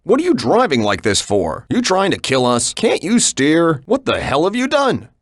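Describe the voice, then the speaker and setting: An actor playing a gruff, impatient taxi passenger in a video game, talking in a blunt, grumbling way. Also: male voice, fairly high pitch, wildly swooping pitch, normal speed, no room sound, studio quality.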